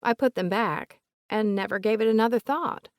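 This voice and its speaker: A woman voicing an older woman with a soft Southern accent, polite and remorseful, recalling family memories in a gentle, chatty way. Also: mid-range voice, normal speed, dry recording, studio quality, voice pushed up, lightly acted.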